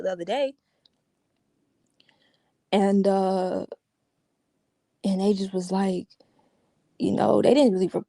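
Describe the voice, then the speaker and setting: Warm-voiced woman, interview guest, casual and repetitive, dry close sound. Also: medium pitch, gravelly, no room sound. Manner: casual, repetitive, restarts often, says "yo". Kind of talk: emotional personal account.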